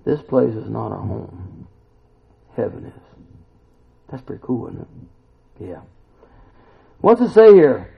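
Gravelly preacher on a tinny line. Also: male voice, mid-range voice, sing-song, slow pace, long pauses. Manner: emphatic, rising to loud exclamations and rhetorical questions. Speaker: pastor. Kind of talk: sermon. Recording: tinny phone-like recording.

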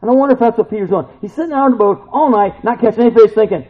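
A man teaching the Bible in a relaxed, conversational way, folksy and animated, often turning to ask his listeners questions. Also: very high voice, racing, hardly any pauses. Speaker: preacher. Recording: tinny phone-like sound.

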